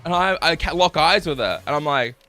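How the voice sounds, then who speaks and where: A man's voice: on the high side, animated, brisk, pushed and bright, faint music behind. A young man telling stories on a live stream, swearing and laughing as he chats with viewers. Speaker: livestreamer. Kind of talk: casual live-stream storytelling.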